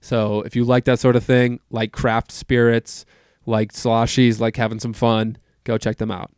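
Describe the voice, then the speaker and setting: A young man hosting a podcast in casual chat, relaxed and quick to laugh, often restarting his sentences. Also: mid-range voice, clean tone, no echo, studio quality. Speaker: podcast host.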